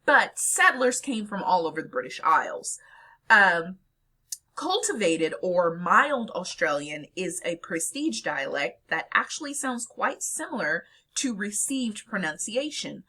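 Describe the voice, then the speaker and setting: Lecturer, female, bright and slightly husky voice, animated delivery, explanatory. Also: mid-range voice, unhurried. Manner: explanatory, lively, with fillers. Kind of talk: recorded lecture.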